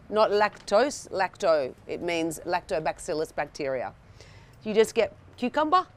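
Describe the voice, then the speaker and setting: A woman teaching a cooking workshop to a live group, chatty and checking in with the audience, often restarting her sentences. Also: mid-range voice. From Australia. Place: indoor workshop room with an audience.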